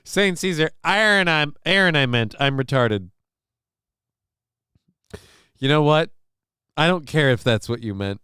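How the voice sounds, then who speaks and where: A man's voice: on the high side, expressive, normal speed, sharp tone, clear, resonant tone, no room sound, clean studio sound. A man hosting a late-night livestream, chatting casually and cracking crude jokes over clips. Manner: crude joking, acts out voices. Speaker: show host.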